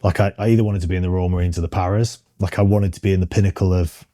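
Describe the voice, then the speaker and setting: A man's voice: low-pitched, fairly even intonation, racing, dark tone, no room sound, clean studio sound. A British man in his thirties, a guest in an interview, talking frankly with many ums and restarts. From Britain. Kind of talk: casual interview chat.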